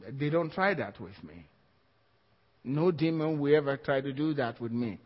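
A man's voice: medium pitch, lively intonation, moderate pace. A man preaching a sermon to a congregation, emphatic and repeating his key phrases, with little laughs between points. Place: church hall. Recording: dull lo-fi, long hall reverb.

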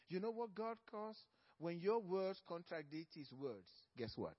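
A male pastor preaching a sermon in church. He is emphatic and repeats key phrases, moving between loud stresses and soft low asides. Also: very animated, measured pace, lo-fi sound.

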